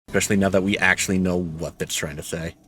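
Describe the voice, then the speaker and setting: A man's voice: sits low, steady tone, quick pace, fairly bright tone, a little hiss or hum. A man hosting a let's play, chatting casually about the story and swearing now and then. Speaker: VTuber let's play host. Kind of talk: casual gameplay commentary.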